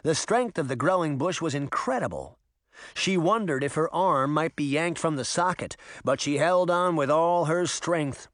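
A man giving an expressive, dramatic audiobook narration. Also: a little high, normal speed, no echo, clean studio sound. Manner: dramatic, animated reading.

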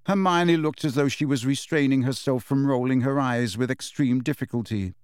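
A man narrates an audiobook in a steady, measured storytelling voice at medium pitch. It is scripted narration, recorded dry with clean studio sound.

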